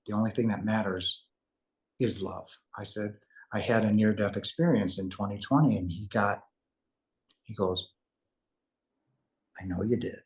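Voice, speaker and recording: A man's voice: lowish voice, normal speed. A man telling a personal spiritual story in a rambling, earnest way, acting out the dialogue. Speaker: guest telling his near-death story. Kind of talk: casual storytelling.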